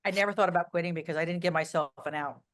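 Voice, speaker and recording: A woman guest in a casual interview, talking bluntly and telling animated stories with plenty of fillers. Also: fairly low pitch, racing.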